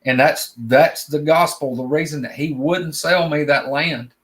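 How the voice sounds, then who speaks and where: A man's voice: a little high, measured pace, a bit bright. Drawling man telling a story. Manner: drawling, repeats words, plainspoken. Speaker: guest storyteller. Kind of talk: casual spoken storytelling.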